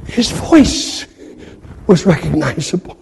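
A man preaching a sermon in a dramatic way, acting out quoted speech in loud, high bursts. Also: sing-song, slow pace, vocal fry, slight background noise. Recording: long hall reverb.

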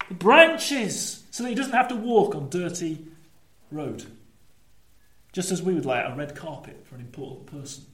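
A man preaching a sermon, animated, swinging between lively storytelling and low, emphatic asides. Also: a little slow. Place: church. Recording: echoey church room.

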